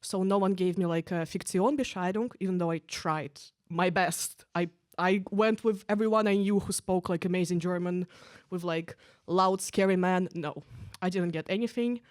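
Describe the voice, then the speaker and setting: A woman's voice: fairly low pitch, moderate pace, a little mellow, no echo, studio quality. A young adult woman performing a stand-up comedy set on stage, casual and chatty with lots of fillers. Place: stage at a live event.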